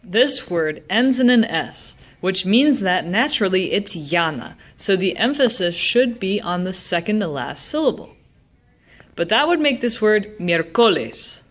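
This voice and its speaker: A woman teaching Spanish stress rules, slowly sounding out example words. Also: mid-range voice, very animated. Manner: slow, deliberate word demonstrations. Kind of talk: classroom-style explanation.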